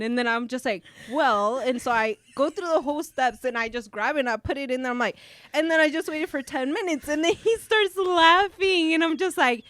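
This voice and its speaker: A young woman as a podcast guest, telling embarrassing stories in casual chat, animated and laughing as she acts out the other people in them. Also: high voice, no echo. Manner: animated, laughing, quick to act out voices.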